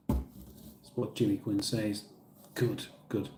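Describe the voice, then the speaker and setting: A man's voice: medium pitch, slow, a little mellow, reverberant. A middle-aged British man hosting a casual livestream, reading out viewer comments in a chatty, rambling way and laughing at his own jokes. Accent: British English. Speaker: livestream host.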